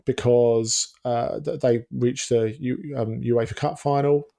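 A man's voice: medium pitch, steady tone, slow, vocal fry, mellow. A man co-hosting a football podcast who talks in a rambling, hesitant way, full of fillers and restarts. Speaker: football journalist, podcast co-host. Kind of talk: casual podcast chat.

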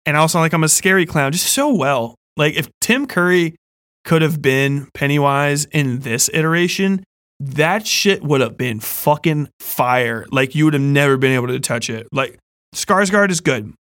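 Young male host, somewhat high-pitched, casual and profane, rambles between laughs, recorded dry. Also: lively intonation, unhurried, fairly bright tone, no echo. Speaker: podcast host. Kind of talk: casual review chat.

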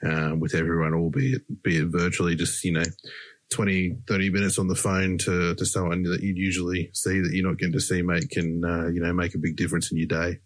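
A man's voice: low voice, little pitch movement, brisk. An Australian man hosting a podcast interview, laid-back and saying mate at every turn. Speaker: podcast host. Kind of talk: casual interview chat.

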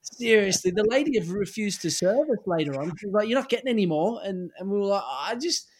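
A middle-aged Australian man with a slightly high voice spins a casual anecdote as a podcast guest. He acts out the people in his story as he goes, in an easy, chatty way. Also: fairly quick. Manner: animated anecdote-telling, acts out quoted lines. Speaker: guest, former footballer.

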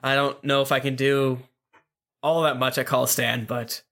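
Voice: medium pitch, little pitch movement, moderate pace. A player in a tabletop game who jokes around and giggles between lines. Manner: loud, giggly, jokey. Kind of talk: playing a character in a tabletop game.

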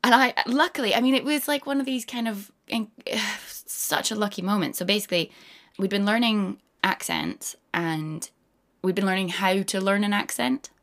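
A woman in her thirties, a guest actor in a casual interview, telling animated stories and slipping into quoted voices. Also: mid-range voice, moderate pace.

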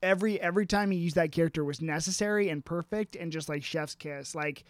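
A man's voice: a little high, fast, dry recording. A man co-hosting a casual podcast chat about comics, talking with gushing enthusiasm and frequent laughs. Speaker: podcast co-host.

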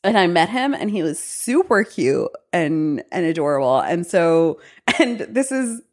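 A woman's voice: on the low side, unhurried. A woman in her thirties, a romance author and podcast guest, telling a dating story in casual chat, giggling often and acting out the others in the story. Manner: giggly, animated, quotes others in raised voice.

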